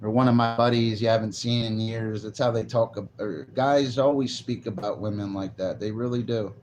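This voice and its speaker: A man's voice: lowish voice, steady tone, moderate pace, a little mellow, slight background noise. A man talking casually on a live stream, rambling loosely and answering viewers' comments. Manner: rambling, loose, restarts and reads chat aloud. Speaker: livestreamer.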